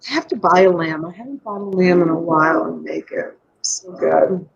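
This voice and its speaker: A woman's voice: fairly low pitch, normal speed, vocal fry, highs cut off, crowd noise. Chatty middle-aged woman hosting a live stream from home, talks on and on, gushy. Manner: chatty, rambling, effusive. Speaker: live-stream host selling items. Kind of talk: casual live-stream chat. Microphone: USB desk mic.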